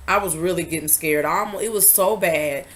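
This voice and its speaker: A woman's voice: on the low side, brisk. Woman confiding her story, emphatic. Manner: emphatic, confiding, swings between loud and hushed. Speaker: vlogger. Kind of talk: candid personal storytelling.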